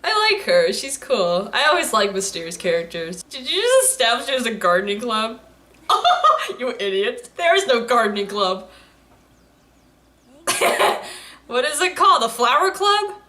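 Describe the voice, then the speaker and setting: Young woman, bright voice, animated, giggly chatty reaction commentary. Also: fairly high pitch, normal speed. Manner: giggly, rambling, laughs often and jokes at the screen. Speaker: anime reaction YouTuber.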